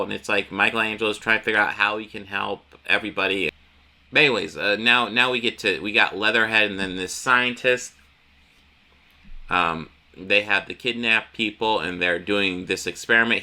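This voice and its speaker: Gravelly man recapping comics. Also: lowish voice, pushed and bright. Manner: rambling, with frequent restarts and casual swearing. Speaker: comic book reviewer. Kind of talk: casual comic book recap.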